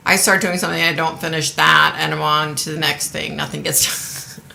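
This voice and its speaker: Chatty woman telling stories, bright tone. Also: deep voice, flat delivery, normal speed, gravelly, echoey room. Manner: chatty storyteller, laughs often, acts out quotes. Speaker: vlogger. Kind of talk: casual livestream chat.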